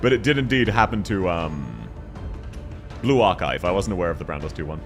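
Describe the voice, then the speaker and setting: A man's voice: lowish voice, big pitch swings, normal speed, long pauses, over music. A young man streaming a game, chatting casually with viewers, joking and swearing as he plays. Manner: joking, swearing, reacting to chat. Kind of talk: casual livestream chat while playing.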